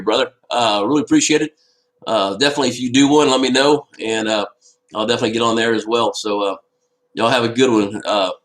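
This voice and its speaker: A man's voice: mid-range voice, a bit bright, poor audio. A man hosting a casual fishing live stream from home, rambling and answering viewer comments aloud into a laptop microphone. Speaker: fishing channel host. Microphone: laptop built-in microphone.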